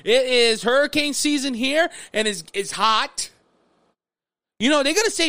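A man hosting his own political commentary show. His voice sits very high and swings widely, and it has a bright, sharp edge. He is sarcastic and animated, and the recording is close and dry. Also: normal speed, pauses often, no room sound. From Louisiana, USA. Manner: animated, sarcastic, addresses listeners as folks. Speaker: political commentator, podcast host.

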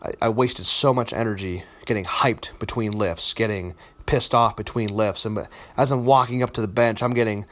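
A man in his thirties, a competitive powerlifter, telling his story in a relaxed, candid way with many fillers and repeated words. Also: medium pitch. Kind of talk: casual spoken account.

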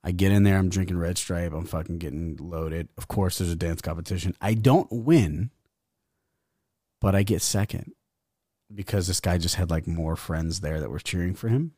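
A young man tells a long, rambling story in casual chat, cursing and laughing along the way. His voice sits on the low side and sounds close and dry. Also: normal speed, dark tone, no echo. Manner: profane, rambling, laughs as he talks. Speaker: guest rapper.

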